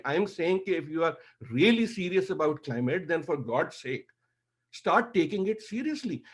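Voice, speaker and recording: Impassioned man, high voice. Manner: emotional, forceful, emphatic repetition. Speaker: panelist. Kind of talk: impassioned panel remarks.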